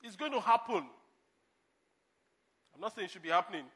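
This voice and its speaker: A man preaching with a bright, high voice. He swings from loud, forceful emphasis to soft asides and laughs at his own stories. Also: animated, fairly quick. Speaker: pastor. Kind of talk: sermon.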